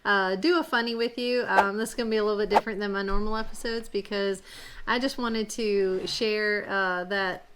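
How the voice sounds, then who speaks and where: A woman from Louisiana, a family vlog host, chatting casually with lots of fillers and halting restarts before telling a story. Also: mid-range voice, steady tone, fairly bright tone, slight background noise. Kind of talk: casual chat, then storytelling.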